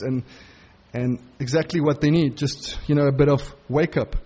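A man preaching a sermon verse by verse, animated and acting out the characters' lines in quick asides. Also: fairly high pitch, slightly rough, lo-fi sound. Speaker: pastor. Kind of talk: expository sermon on a Bible passage.

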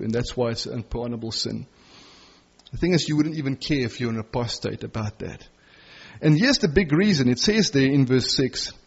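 Husky impassioned male preacher. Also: medium pitch, lo-fi sound. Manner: impassioned, swings between loud emphasis and soft tender asides. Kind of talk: sermon.

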